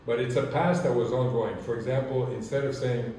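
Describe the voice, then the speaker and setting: A man's voice: mid-range voice, fairly even intonation, brisk, dark tone, slight background noise. A man teaching a language lesson, speaking patiently and checking in often with his students. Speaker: Spanish teacher. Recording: echoey room from far off.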